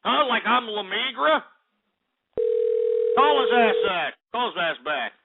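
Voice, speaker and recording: A man's voice: very high-pitched, big pitch swings, takes it slowly, creaky, very noisy. A male call-in radio host, ranting in a profane, abrasive way. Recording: tinny lo-fi radio archive with faint music.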